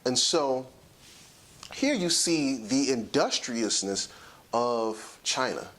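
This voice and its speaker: A man hosting a talk show, giving a lecturing, emphatic commentary and slowing down to stress his points. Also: mid-range voice, animated, a bit bright.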